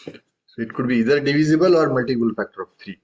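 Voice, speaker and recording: A man's voice: mid-range voice, fast, darkish tone, a little hiss or hum. A man teaching a tabla lesson, explaining patiently and often checking in with questions. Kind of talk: live music lesson. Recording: dull lo-fi audio.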